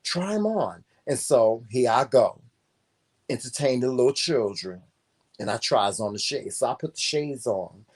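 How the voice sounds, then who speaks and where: Man, talk show co-host, casual storytelling, profane, emphatic, mid-pitched voice. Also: normal speed, a little mellow, slightly rough.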